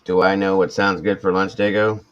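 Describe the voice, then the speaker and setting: A man's voice: low-pitched, flat delivery, moderate pace, fairly bright tone, lo-fi sound. A man in his forties hosting a live stream, chatting casually and rambling with self-mocking asides while he reads viewer comments. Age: 40s.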